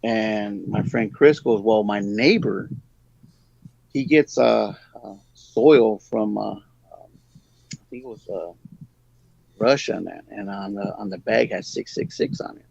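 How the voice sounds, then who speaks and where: This time the guest storyteller, a middle-aged man, has a lowish, gravelly voice and takes his time, leaving long pauses. He spins a long, rambling story with animation, voicing the other characters himself, on a dull lo-fi recording with no echo.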